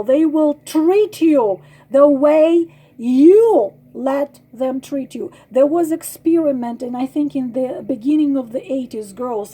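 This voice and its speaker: Slow high-voiced woman giving earnest advice. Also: mellow, breathy edge. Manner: pleading, repeats herself, many ums and restarts. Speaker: tarot channel host giving advice.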